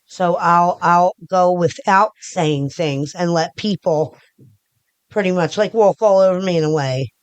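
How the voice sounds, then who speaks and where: A woman's voice: lowish voice, unhurried, smooth, no room sound. A middle-aged woman from the Philadelphia area, a podcast guest chatting casually in a rambling way with many restarts. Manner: rambling, restarts often, talks with her hands. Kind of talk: casual interview chat.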